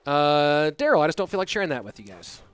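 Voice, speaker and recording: Fast-talking and fairly high-pitched with big pitch swings, a young man casts an esports tournament by himself from his home office. His tone is clear and resonant, with no room sound and soft music underneath, as he rambles and chats directly with viewers between games, reading their messages.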